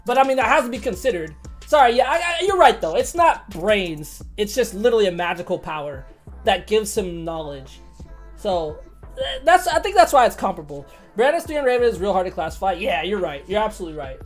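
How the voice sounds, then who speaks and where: A woman streaming a game, chatting casually, excitable, swearing and laughing often. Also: mid-range voice, brisk, faint music behind. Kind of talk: casual gaming commentary.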